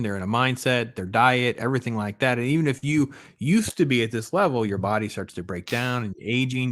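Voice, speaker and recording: A man hosting a casual podcast chat, enthusiastic and tagging his points with quick questions. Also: mid-range voice. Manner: enthusiastic, tags remarks with "right?". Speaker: podcast host.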